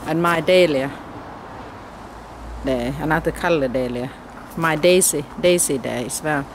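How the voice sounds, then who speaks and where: A woman's voice: deep voice, a little slow, background noise. A Thai-accented woman, a native Thai speaker, giving a chatty tour of her home garden outdoors in simple broken English. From Thailand. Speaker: gardening vlogger.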